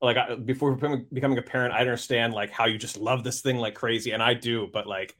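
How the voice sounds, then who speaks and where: A man in his thirties tells lively, self-mocking stories as a guest on a podcast. His voice sits at a middling pitch, and his talk is casual and quick to joke. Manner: animated storyteller, self-deprecating.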